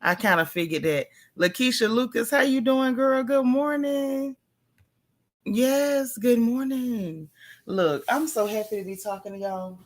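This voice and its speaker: A woman's voice: on the high side, unhurried. A woman hosting a casual early-morning livestream, talking in a half-whisper, a little tired after a migraine and greeting viewers by name. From Texas. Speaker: livestream host.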